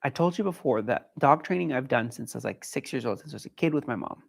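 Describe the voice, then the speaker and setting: A man's voice: medium pitch, lively intonation, fast talker, gravelly. A man who trains dogs, giving an earnest, encouraging livestream talk from inside his training facility. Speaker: dog trainer. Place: indoor dog training facility.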